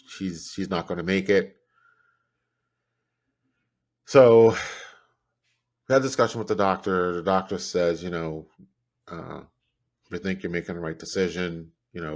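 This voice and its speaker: A man hosting a podcast, telling a personal story in a halting, grief-stricken way with many restarts. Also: low-pitched. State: grieving, close to tears. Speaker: podcast host.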